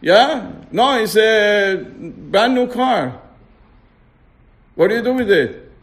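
A man teaching an informal religious class. He keeps quizzing his listeners with questions and slows down to stress key words. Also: high voice, lively intonation, a bit bright.

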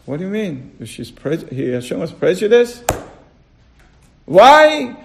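A man leads an informal class in a high voice with a gravelly rasp. He keeps asking his listeners rhetorical questions and checks that they are following. He repeats key words over and over for emphasis. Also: huge pitch swings, measured pace, a little hiss or hum. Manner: checks on listeners with short asides. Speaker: Torah teacher. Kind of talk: casual classroom lecture.

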